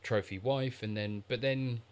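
A man's voice: medium pitch, fairly even intonation, measured pace, darkish tone, clear, resonant tone. A man co-hosting a film review podcast, talking in an analytical, rambling way. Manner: analytical, rambling with many "like" fillers. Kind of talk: casual film review chat.

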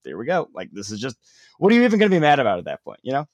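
A man's voice: mid-range voice, wildly swooping pitch, very fast, no echo. A young man telling a long story in casual chat, rambling with lots of "like" and casual swearing.

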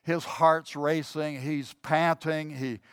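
A conversational preacher, dry and close. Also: male voice, fairly high pitch, steady tone, slow pace, clean tone, no echo. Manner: conversational, with many fillers and restarts. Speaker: pastor. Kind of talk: sermon with a told joke story.

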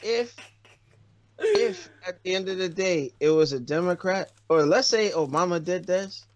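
High-pitched man joking in a casual chat. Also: measured pace. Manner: joking, opinionated.

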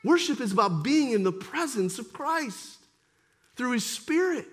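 A man delivers a sermon as pastor. His voice sits very high and is lively, rising to forceful emphasis and then dropping to quiet intensity. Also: unhurried, slightly rough. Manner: animated preaching, swings between forceful emphasis and quiet intensity.

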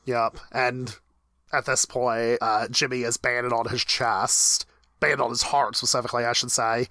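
A man's voice: medium pitch, flat delivery, pushed and bright, no echo. A man co-hosting a casual podcast, thoughtfully walking through scenes of a TV episode. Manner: thoughtful, measured, reads a monologue aloud. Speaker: podcast co-host. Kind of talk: casual recap chat.

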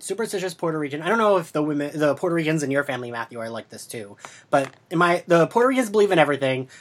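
Over drinks on a podcast, a man with a voice on the high side tells a story in a casual, animated way, doing the voices of the people he quotes.

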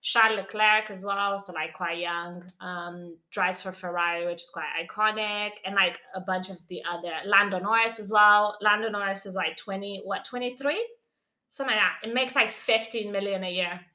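A woman with a bright, clear tone talks through a topic in a loose, chatty way. She strings thoughts together with lots of "like" and "um", laughing now and then as she goes. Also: mid-range voice, steady tone, normal speed. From non-English name, living in London. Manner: chatty, explains with many fillers and laughs. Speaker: podcast co-host. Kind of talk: casual chat.

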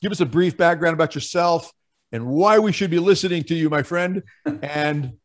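A man's voice: on the high side, normal speed. A man hosting a podcast, talking with enthusiasm and rattling off long promotional lists. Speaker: podcast host.

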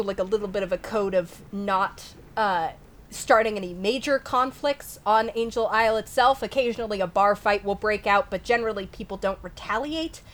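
A woman narrating as game master in a relaxed, rambling way. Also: fairly high pitch.

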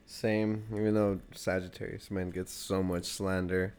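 A man's voice: deep voice, level tone, a little slow, a little mellow, smooth. A man in casual podcast chat, laid-back and joking.

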